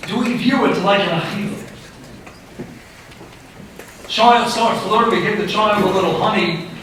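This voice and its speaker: High-voiced rabbi in an echoey hall. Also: male voice, a little fast, a bit bright. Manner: storytelling lecturer, peppers speech with Hebrew and Yiddish terms. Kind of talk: Torah lecture. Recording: echoey hall, speaker far from mic, faint noise.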